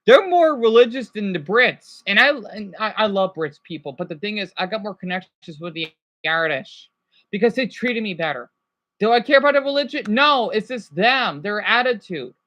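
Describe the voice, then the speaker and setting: A man's voice: high voice, expressive, moderate pace, a bit bright, rough recording. A man chatting casually on a livestream from home, rambling between topics and swearing now and then.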